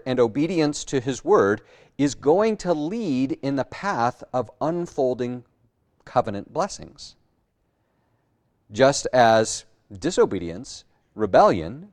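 Man preaching a conversational church sermon. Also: medium pitch. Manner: conversational, with frequent "uh" fillers and restarts. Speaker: pastor.

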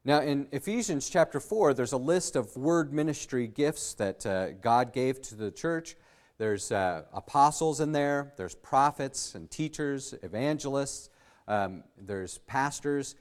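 A man preaching from the pulpit in an earnest, teaching manner. His voice sits at an ordinary middle pitch, and he often stalls on fillers and restarts before pressing his points home with emphasis. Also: expressive. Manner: halting with frequent fillers and restarts. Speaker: pastor. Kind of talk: sermon.

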